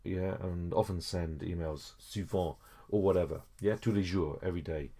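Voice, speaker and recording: A man's voice: low-pitched, steady tone, moderate pace, warm tone. A man teaching a French lesson over a screen recording, explaining each step patiently with frequent okays and small hesitations.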